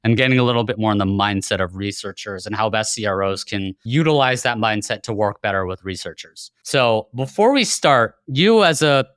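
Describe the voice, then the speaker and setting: A man's voice: on the low side, fairly bright tone, clean tone, no room sound, studio quality. A man hosting a podcast, chatting casually and jokingly with his guest. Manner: playful, jokey, fast-talking. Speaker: podcast host. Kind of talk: casual interview chat.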